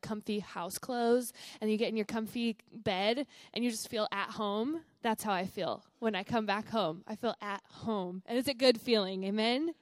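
A woman's voice: medium pitch, dry recording. A young woman, a missionary sharing her testimony at a church service in an earnest, chatty way full of fillers.

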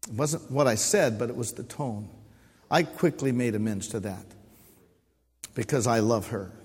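A husky-voiced middle-aged man preaches a sermon from the pulpit of a church. He leans on repetition and call-and-response, drawing amens from the congregation. His voice rings out into a long hall reverb. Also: mid-range voice, moderate pace, darkish tone. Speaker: pastor. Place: church sanctuary.

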